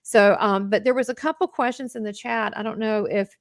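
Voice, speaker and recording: A woman guest on a live video chat, making quick, eager announcements in a chatty way. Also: a little high, steady tone, no echo, clean studio sound.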